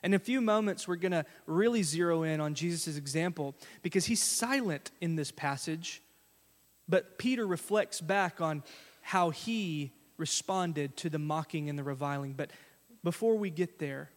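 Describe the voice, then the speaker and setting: A man's voice: on the high side, normal speed, big-room sound. A male pastor giving a sermon in a conversational, storytelling way, often asking the congregation questions. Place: church sanctuary.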